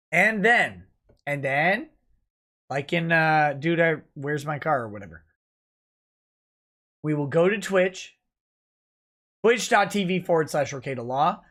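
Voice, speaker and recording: A man's voice: fairly high pitch, fairly bright tone. A drunk man hosting a late-night livestream, ranting angrily and swearing a lot. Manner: angry, profane ranting. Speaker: livestream host.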